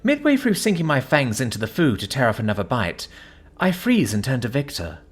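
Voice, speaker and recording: A man narrating a science fiction story in an expressive, animated way. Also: medium pitch, fairly quick.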